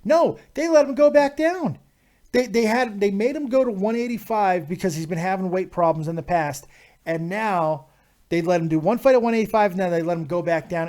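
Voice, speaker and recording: A man hosting a casual live talk show, talking excitably about fantasy hockey and fights and swearing freely. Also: high-pitched. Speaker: host.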